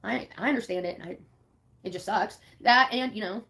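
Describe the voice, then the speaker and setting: A woman's voice: medium pitch, moderate pace, a bit bright. A woman live streaming, chatting casually in a blunt, profane, rambling way.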